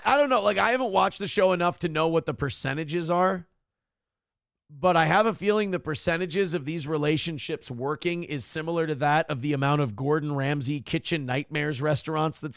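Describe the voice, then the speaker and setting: On his live-streamed morning talk show, a man rambles, mocks, and reads out donor messages in casual commentary. His voice sits on the high side, creaky and a bit bright, at normal speed. It's clean studio sound with no room sound.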